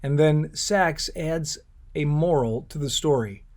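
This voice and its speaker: A man's voice: a little high, takes it slowly, darkish tone. A man giving a recorded art lecture, explaining symbolism in an earnest, explanatory way. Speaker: art instructor.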